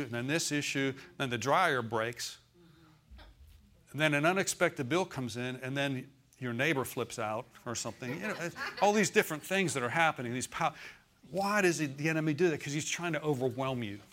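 A man's voice: on the high side, moderate pace, fairly bright tone. A male pastor preaching a sermon in a conversational, folksy way. He often checks in with the congregation for an "amen" and repeats phrases for emphasis.

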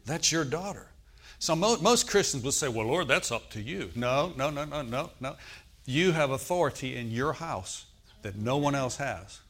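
Animated and fairly bright in tone, this medium-pitched pastor preaches at a moderate pace. His sermon is built on stories whose voices he performs, and he calls for amens from the congregation.

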